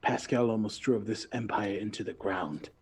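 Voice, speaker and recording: A man's voice: on the low side, normal speed, darkish tone, husky. A man voicing an ambitious male noble schemer who blusters when confident and stammers when frightened. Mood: resolute.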